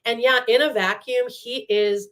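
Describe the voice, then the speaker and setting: A woman co-hosting a podcast, gossiping casually and retelling scenes with lively quoted lines. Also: on the high side, normal speed. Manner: animated retelling, acting out quotes. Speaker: podcast co-host.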